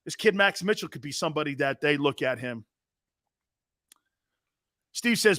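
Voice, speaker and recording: A man's voice: a little high, expressive, normal speed, pauses often, sharp tone, dry recording, studio quality. A man in his fifties hosting a sports talk show, ranting in a brash, mocking and profane way.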